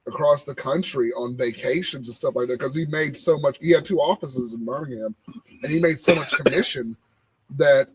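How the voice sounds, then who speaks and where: A man, co-hosting a casual podcast and telling animated stories about his old job. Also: mid-range voice, normal speed, slightly rough, rough recording. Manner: animated storytelling, repeating phrases. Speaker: podcast co-host. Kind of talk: casual chat.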